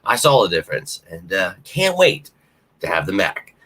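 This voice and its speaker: A man riffing on a live-stream sports show with a bright, forceful voice that sits on the low side. He talks straight to his viewers, thinks out loud with restarts and swears freely. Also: normal speed, rough recording. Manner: animated, swears often, talks to viewers directly; restarts and fillers, thinks aloud. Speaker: sports talk host.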